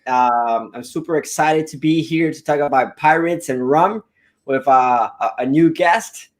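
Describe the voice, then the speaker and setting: Give me an eager, rambling online host. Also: male voice, fairly high pitch, measured pace. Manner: eager and rambling, with many fillers and restarts. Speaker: webinar host. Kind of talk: casual live-stream hosting.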